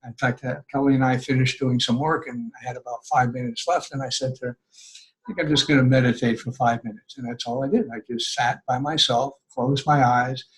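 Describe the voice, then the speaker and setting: A man's voice: medium pitch, fairly quick, hardly any pauses, poor audio. Earnest older man guest. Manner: earnest, acts out people's words in lively voices. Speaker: podcast guest. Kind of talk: conversational advice-giving.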